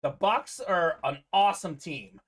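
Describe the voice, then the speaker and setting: A man's voice: sits high, measured pace, fairly bright tone, breathy edge. A man hosting a live-streamed sports card break, giving upbeat running commentary on teams and players.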